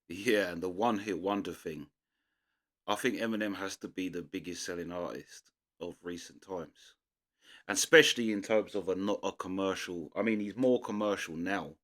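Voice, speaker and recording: A man's voice: deep voice, fairly bright tone. A young man with a London accent giving loose, rambling commentary as a reaction video host. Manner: rambling, loose, full of restarts and fillers. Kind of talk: casual commentary.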